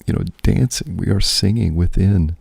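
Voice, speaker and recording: A man's voice: sits low, normal speed, vocal fry, a little mellow, husky, no room sound. A man, a priest and host, musing aloud in casual spoken reflection, often checking in with "right?".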